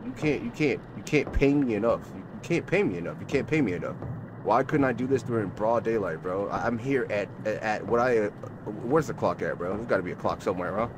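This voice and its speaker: A man with a lowish, expressive voice talks fairly quickly while playing a horror game on his channel, with loud game music and background noise behind him. Scared and sweating, he rambles nervously, repeats himself, and calls his viewers bro and y'all in this let's-play commentary.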